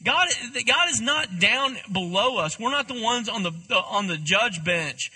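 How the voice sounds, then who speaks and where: A man's voice: high-pitched, animated, a little slow, bright, forceful tone, husky. A man, a pastor, preaching a sermon in a candid, conversational way with self-deprecating asides.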